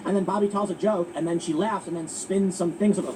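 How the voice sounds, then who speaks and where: A man hosting political commentary, talking in an emphatic, animated way with frequent restarts. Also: on the high side, fast. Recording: distant mic with faint ambient noise.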